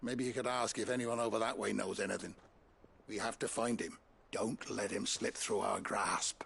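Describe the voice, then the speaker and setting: An actor playing a calm, steady ally in a video game, soothing and urging others. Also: male voice, lowish voice, moderate pace, creaky, a little hiss or hum.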